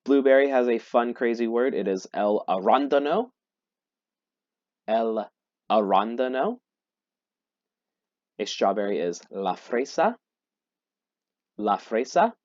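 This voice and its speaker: A man teaching a vocabulary lesson, explaining and repeating each word slowly. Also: mid-range voice, lively intonation, darkish tone, no room sound. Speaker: Spanish teacher. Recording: dull lo-fi dry recording.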